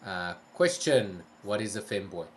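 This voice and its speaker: Slow, low-voiced man hosting a stream. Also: expressive. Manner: easygoing, careful and polite, asks many questions. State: tired, yawning. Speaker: live stream host. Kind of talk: casual live-stream chat, reading chat aloud.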